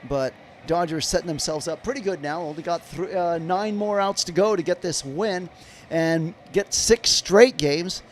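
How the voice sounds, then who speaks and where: Calling a baseball game live for his stream, a man with a strikingly high voice takes his time. He blends pitch-by-pitch calls with loose, wandering chat to his viewers, while a faint background hum lingers beneath.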